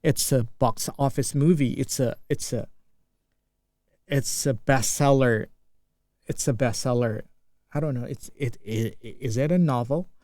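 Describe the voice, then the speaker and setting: A man's voice: mid-range voice, unhurried, dark tone, dry recording, studio quality. A young Indonesian man with an Indonesian accent, English not his first language, speaking unscripted practice talk full of restarts and fillers as he searches for words. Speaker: English learner.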